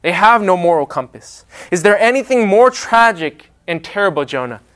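A man preaching a sermon, with a dramatic, emphatic delivery and pauses. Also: high voice, expressive, a bit bright.

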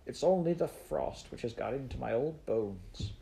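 A man voicing a frail, gentle old grandmother who speaks softly and reassuringly. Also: mid-range voice, animated, moderate pace, creaky. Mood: tender.

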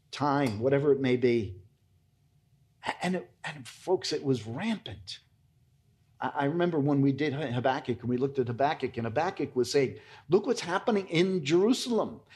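A man's voice: fairly high pitch, darkish tone. A man preaching an earnest, emphatic expository sermon to his congregation as its pastor. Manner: earnest, emphatic, addresses listeners as folks.

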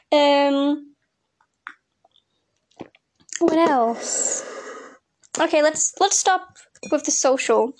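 Slow-talking young woman, high voice. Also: a little mellow. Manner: rambling, laughs often, loses her train of thought. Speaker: podcast host. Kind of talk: casual personal chat.

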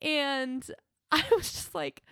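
A young woman with a fairly high voice chats casually about a show she loved. She talks in a gushing, animated way. The sound is dry and close, with little room. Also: takes it slowly, no echo. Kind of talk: casual chat reviewing a TV drama.

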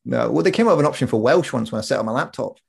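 A man hosting a casual podcast chat, racing through his stories at a quick clip. He swears offhandedly and keeps the talk rolling with his anecdotes. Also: mid-range voice, lively intonation, gravelly, slightly rough. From England. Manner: chatty storyteller, swears casually.

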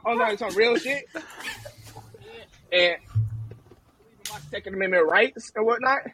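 A man with a high, husky voice holds the floor in a casual podcast chat. He tells a story loudly and animatedly, swearing freely and jumping between his own voice and quoted lines. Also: a little slow, low-quality recording. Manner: loud, animated, profane storytelling. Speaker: podcast co-host.

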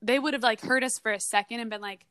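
A woman's voice: a little high, quick pace, fairly bright tone. A woman co-hosting a podcast in casual chat, giggly and saying "like" constantly. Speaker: podcast co-host.

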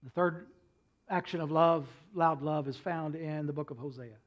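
A man preaches with a high-pitched voice, dropping low and quiet, then building to loud bursts. He fills his pauses with "uh". The sound is dull and lo-fi, like an old church recording. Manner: preaching with swings from quiet to loud, frequent "uh" fillers. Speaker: pastor. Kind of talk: sermon.

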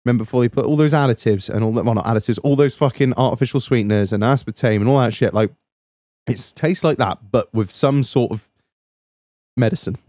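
An upbeat man co-hosting a podcast, chatting casually and swearing his way through a product tasting. His voice sits at a middle pitch. The room sound is dry and close. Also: brisk, darkish tone, no echo. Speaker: podcast co-host. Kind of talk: casual chat.

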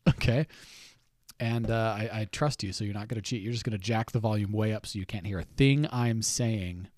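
Playful podcast host, dry close mic. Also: male voice, fairly low pitch, brisk, darkish tone, no echo. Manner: playful, laughs often, repeats himself. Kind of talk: casual game chat. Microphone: studio mic, close.

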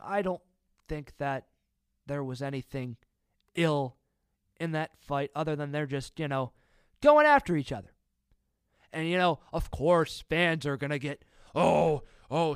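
A man with a strikingly high voice hosts a solo sports podcast. He rants in an exasperated, heated way and breaks into loud outbursts. The sound is dry and close, with no room echo. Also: clean tone. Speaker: podcast host.

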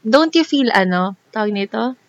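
A woman's voice: on the high side, animated, a little fast, a little hiss or hum. A young Filipino woman with a Filipino accent, co-hosting a casual podcast chat, asking questions and trailing off mid-sentence. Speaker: podcast co-host. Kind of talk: casual conversation. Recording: dry, muffled lo-fi recording.

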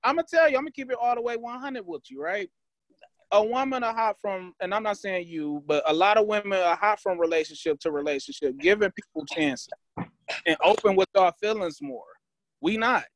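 A man's voice: high voice, normal speed, no room sound, rough recording. A man in his thirties co-hosting a podcast, explaining himself at length with filler phrases and getting defensive. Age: 30s. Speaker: podcast co-host. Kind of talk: casual podcast debate.

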